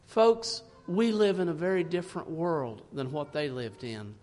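A man preaching a sermon, reading scripture in old-fashioned wording and swinging between loud emphasis and hushed asides. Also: on the high side, measured pace, few pauses. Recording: long reverb in a large hall.

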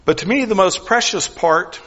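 A male pastor preaching a sermon earnestly, with deliberate pauses and drops to a near whisper for emphasis. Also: sits high, expressive, sharp tone. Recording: dull sound with long hall reverb.

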